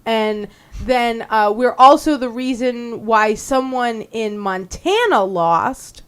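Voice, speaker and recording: A woman who is a studio guest on a talk radio show, telling stories with animated emphasis. Her voice sits a little high. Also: takes it slowly, clear, resonant tone. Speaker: studio guest, political party activist. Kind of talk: casual talk radio chat.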